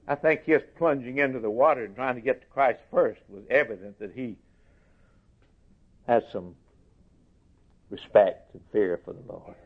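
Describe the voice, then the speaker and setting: A man preaching in a slow, deliberate sermon cadence, with his voice climbing whenever he quotes scripture. The sound is thin and narrow, like a phone line. His pitch sits in an ordinary middle range. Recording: tinny phone-like recording.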